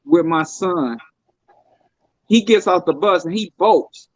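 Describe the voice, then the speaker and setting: Animated man telling a story on a muffled mic. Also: high-pitched, slow, dry recording. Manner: animated, profane, acts out quotes. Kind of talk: casual storytelling.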